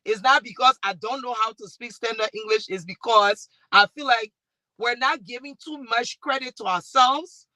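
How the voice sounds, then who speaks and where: Liberian woman, talk-show host on a panel; animated storyteller who acts out quotes; very bright, pushing tone; dry. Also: a little high, no room sound. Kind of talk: panel discussion.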